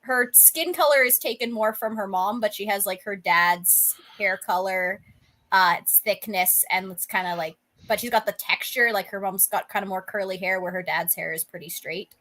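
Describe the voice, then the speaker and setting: A young woman runs a tabletop game and paints a scene with many "um"s, "like"s and restarts. Her voice is bright and forward, at a middling pitch. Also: moderate pace. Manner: rambling, many fillers and restarts. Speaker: game master.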